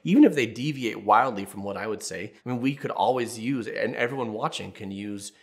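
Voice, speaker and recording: A man's voice: fairly low pitch, a little fast. A man in his thirties, a therapist hosting an advice video, talking casually and candidly with jokey asides and personal stories. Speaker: therapist, channel host.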